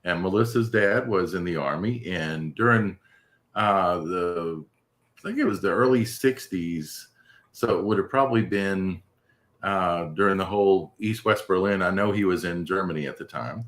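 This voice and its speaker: A man's voice: low voice, normal speed, a bit bright. A man co-hosting an interview alongside his child, chatting and explaining things. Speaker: co-host, parent of the host. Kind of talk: casual interview chat.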